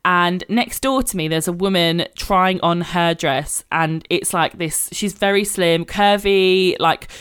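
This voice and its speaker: Candid woman, low voice. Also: slow, hardly any pauses, clear, resonant tone, no room sound, clean studio sound. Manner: candid, animated, self-deprecating. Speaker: podcast co-host. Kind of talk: casual storytelling chat.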